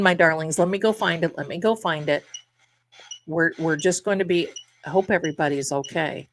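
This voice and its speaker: A woman's voice: low voice, normal speed, a little hiss or hum. A middle-aged woman hosting a live tarot stream, chatting casually and rambling to her viewers, calling them her darlings.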